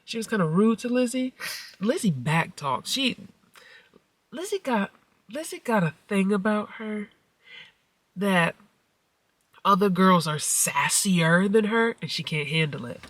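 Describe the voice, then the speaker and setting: A middle-aged mommy vlogger tells a story in a loose, chatty way, and her voice leaps up high whenever she acts out what someone said. Her tone is bright and forward. The recording is dry, with the mic set a little away from her. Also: measured pace, long pauses, no echo, distant mic. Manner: animated storytelling, acts out quotes with big pitch jumps. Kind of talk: casual vlog talk.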